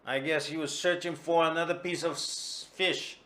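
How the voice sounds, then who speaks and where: A man's voice: mid-range voice, slow pace, a bit bright. A man voicing a drunk, sheepish man who stammers out excuses. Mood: agitated. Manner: stammering, hesitant.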